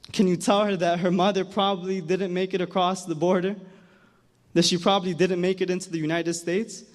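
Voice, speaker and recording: A man's voice: high-pitched, a little mellow. A young man telling a personal story on stage at an awards event, earnest and emotional, often repeating words as he goes. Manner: earnest, emotional, halting repetitions. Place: large hall. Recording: hall reverb from a big room.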